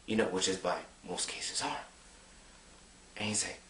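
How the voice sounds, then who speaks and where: A young man talking to camera in a rambling, excited way, full of filler words. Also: fairly low pitch, fairly quick. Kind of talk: casual monologue to camera. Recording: roomy, distant mic.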